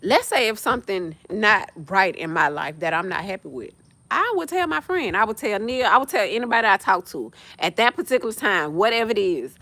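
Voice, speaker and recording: A woman's voice: medium pitch, a little fast, no room sound. A young woman, hosting a livestream and talking in a blunt, profane, casual rant. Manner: blunt, profane, animated ranting with laughs. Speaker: livestream host. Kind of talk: casual chat.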